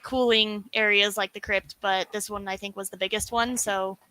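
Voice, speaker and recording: Chatty woman telling ghost stories, bright voice, lots of um and you know. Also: medium pitch, level tone, moderate pace, poor audio. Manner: chatty storyteller with many fillers. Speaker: guest paranormal investigator. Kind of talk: casual chat.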